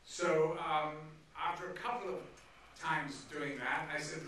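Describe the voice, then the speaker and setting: Animated male storyteller in a theatre. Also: on the high side, a little slow, a little hiss or hum. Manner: animated storyteller acting out quotes. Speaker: guest speaker at a film screening. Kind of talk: onstage anecdote telling. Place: large theatre hall. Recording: echoey theatre from far off.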